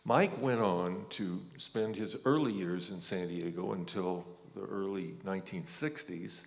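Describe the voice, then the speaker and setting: An older man giving a halting, reminiscing ceremony speech, with many pauses. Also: low voice, creaky. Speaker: inductee presenter. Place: ceremony hall. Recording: hall reverb.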